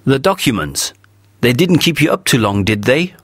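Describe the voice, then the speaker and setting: Earnest, slightly awkward young man, voiced by a male narrator; a bit higher, dry sound. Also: very animated, moderate pace, fairly bright tone, dry recording.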